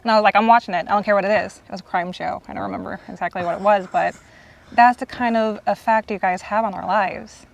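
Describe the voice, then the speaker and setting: A woman's voice: medium pitch, fairly even intonation, fast talker, vocal fry, highs cut off. A woman in her forties telling a guest how much her work means to her, earnest and close to tears. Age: 40s. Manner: earnest, gushing, near tears. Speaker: host. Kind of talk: emotional fan tribute.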